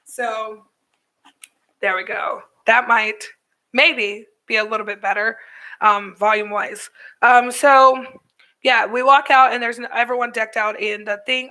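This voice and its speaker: A young woman telling a story to her viewers in a casual vlog, animated and chatty, laughing often and addressing them as y'all. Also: on the high side, a little slow, roomy sound, recorded from a distance, rough recording. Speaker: vlogger. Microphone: headset mic.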